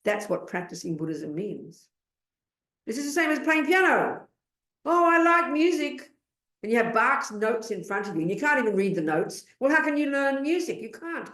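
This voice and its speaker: A woman with an Australian accent giving a Buddhist dharma talk in an animated, blunt and emphatic way. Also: medium pitch, fairly quick, reverberant. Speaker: Buddhist teacher.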